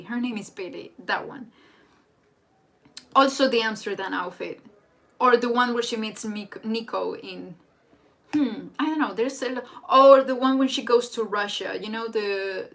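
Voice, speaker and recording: A young woman, a native Spanish speaker, hosting a casual live chat in an excitable, rambling way. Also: medium pitch. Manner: excitable and rambling, with frequent restarts. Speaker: livestream host. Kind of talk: casual live chat reading viewer comments.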